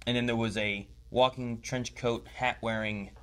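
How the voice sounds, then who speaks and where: A man's voice: mid-range voice, steady tone, measured pace, fairly bright tone, slight background noise. A man co-hosting a reaction video in casual chat, hesitant and full of fillers and restarts.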